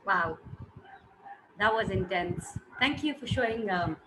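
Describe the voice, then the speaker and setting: A woman hosting an interview, gentle and thankful, asking questions with many pauses. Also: mid-range voice, animated, a little hiss or hum, poor audio. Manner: gentle, thankful, halting with fillers. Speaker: interview host. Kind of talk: interview chat.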